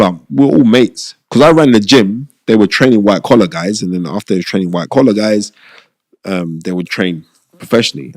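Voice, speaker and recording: A middle-aged man, telling stories as an interview guest in an animated, emphatic way and repeating phrases for stress. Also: low voice, no echo, clean studio sound. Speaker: guest, boxing pundit and former TV host. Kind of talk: casual interview storytelling.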